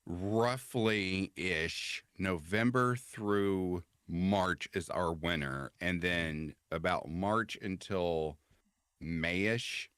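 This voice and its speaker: A man's voice: low-pitched, extremely slow, fairly bright tone, clear, resonant tone, no room sound, studio quality. A man co-hosting a livestream, easygoing as he greets viewers and explains the segment. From United States. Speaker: co-host of a livestream. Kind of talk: casual chat.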